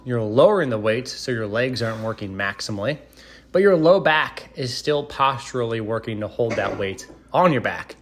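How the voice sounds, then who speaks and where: A man giving a calm, steady voice-over of his training, explaining each exercise and urging care. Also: mid-range voice. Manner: steady, explanatory, cautious coaching tone. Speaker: fitness vlogger. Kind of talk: voice-over workout breakdown.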